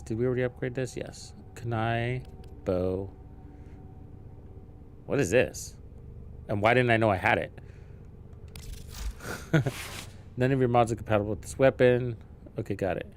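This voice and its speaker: A man live-streaming a game, chatting casually, thinking out loud and swearing freely as he learns the menus. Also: mid-range voice, a little hiss or hum.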